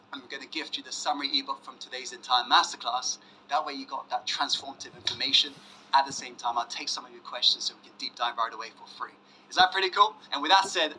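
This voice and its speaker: A man giving a motivational self-help masterclass, pressing the audience with questions and dropping to hushed emphasis. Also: a little high, a little hiss or hum, rough recording. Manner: emphatic, asks audience to say yes, swings loud and hushed. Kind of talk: motivational webinar talk.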